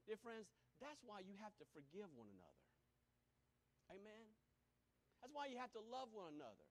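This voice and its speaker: High, lively preacher man. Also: normal speed. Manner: folksy preaching, swings from low murmur to loud exhortation. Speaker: pastor. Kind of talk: sermon. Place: church sanctuary.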